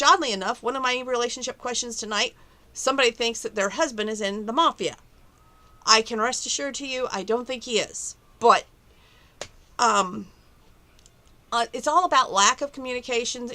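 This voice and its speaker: Chatty, bright-voiced woman vlogging at home. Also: on the high side. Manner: chatty, opinionated, rambling. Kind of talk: casual chat to camera. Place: bedroom at home.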